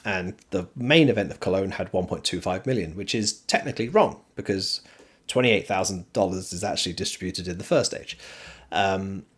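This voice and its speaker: Low-voiced man explaining esports rankings. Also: moderate pace, slightly rough. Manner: explanatory, steady, frequent ums. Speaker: streamer host. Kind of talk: casual esports commentary.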